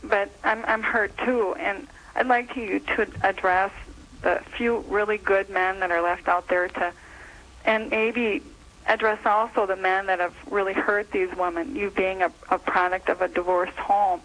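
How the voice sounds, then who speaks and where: A woman's voice: mid-range voice, fairly even intonation, unhurried, a bit bright, poor audio. A woman from Minnesota calling in by phone, gushing and rambling, hesitating with many ums as she asks her question. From Minnesota, USA. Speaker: caller. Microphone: telephone line.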